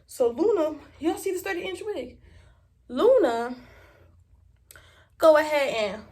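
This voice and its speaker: A young woman from Miami, telling a story in a vlog in an animated, profane and emphatic way. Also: sits high, measured pace, pauses often, slight background noise. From Miami, Florida. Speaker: vlogger.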